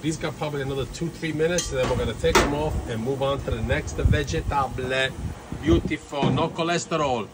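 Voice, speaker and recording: A man in an easygoing, chatty home-cooking video, pitched in an ordinary middle range. He talks viewers through the steps with frequent fillers and little asides. The audio is caught on the filming camera outdoors, with clear background noise behind him. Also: steady tone, fast talker, hardly any pauses. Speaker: home cook showing a recipe. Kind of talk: casual cooking demonstration. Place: kitchen, then an outdoor backyard grill.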